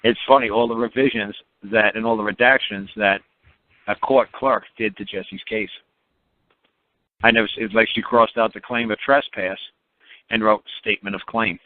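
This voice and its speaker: A man's voice: on the low side, fairly even intonation, moderate pace, no room sound. A man telling stories in a blunt, emphatic, repetitive way on a call-in radio show, often laughing at his own stories. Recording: tinny phone-line radio audio.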